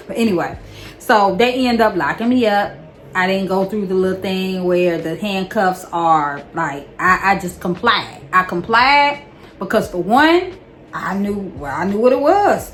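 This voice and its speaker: Animated woman telling a storytime. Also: fairly high pitch. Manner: animated, swearing, repeats lines for emphasis. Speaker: vlogger. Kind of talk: casual storytime.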